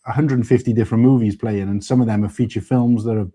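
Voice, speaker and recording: A man's voice: fairly low pitch, steady tone, fast, mellow. A man hosting a casual panel chat, a rambling, chatty storyteller. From United Kingdom. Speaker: stream host.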